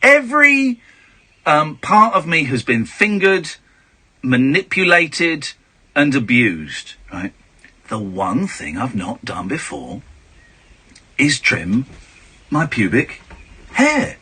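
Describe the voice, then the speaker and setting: A man hosting late-night radio, teasing and mocking callers and now and then breaking into shouts. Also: a little high, big pitch swings, slow, pauses often, breathy edge. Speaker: radio host. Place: radio studio.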